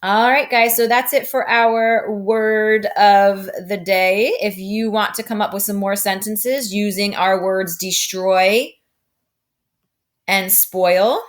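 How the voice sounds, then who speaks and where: A woman's voice: mid-range voice, steady tone, slow. A woman teaching a remote phonics lesson to young children, patient and upbeat, often checking in with "right?".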